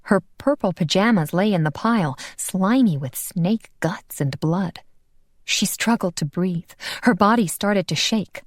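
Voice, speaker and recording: A woman narrating a paranormal romance audiobook in an expressive, lively reading. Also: mid-range voice, unhurried, no room sound, studio quality. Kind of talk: scripted narration.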